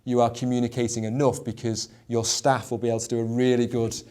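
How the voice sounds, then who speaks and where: A man's voice: medium pitch, completely flat delivery, fast talker, mellow, clear, resonant tone. A man leading a discussion on leadership as a schools executive director, often stumbling over repeated words and filling with "you know".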